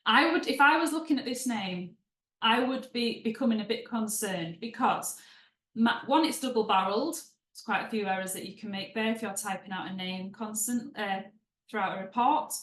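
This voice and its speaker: A woman leads a webinar as a writing trainer, in a friendly, conversational way with small asides. Her voice sits at a middle pitch for a woman. The room adds a noticeable echo. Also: normal speed, a bit bright. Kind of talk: webinar teaching.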